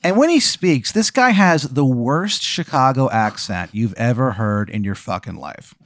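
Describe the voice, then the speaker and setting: A man's voice: mid-range voice, lively intonation, a little slow, a bit bright, no echo, clean studio sound. A man improvising a story as game master, rambling with many fillers.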